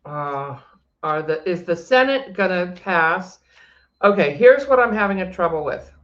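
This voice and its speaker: An older woman, a psychic and energy healer, talking in a loud, chatty, rambling way from her home office, often breaking off mid-sentence. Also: fairly low pitch, expressive, measured pace, dull audio. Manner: chatty, rambling, self-interrupting; loud, emphatic. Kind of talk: casual unscripted monologue to camera.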